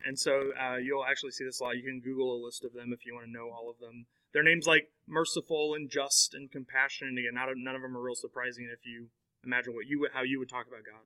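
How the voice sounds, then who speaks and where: A man's voice: mid-range voice, level tone, fast talker, pushed and bright, smooth, low-quality recording. A man teaching a classroom lecture in a conversational way, full of fillers and questions to his students.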